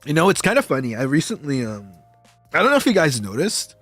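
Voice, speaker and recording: A young man chatting casually with his stream viewers as a dinosaur-boy streamer persona, affectionate and rambling, often breaking into high, delighted shouts. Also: very animated, quick pace, dry recording, soft background music.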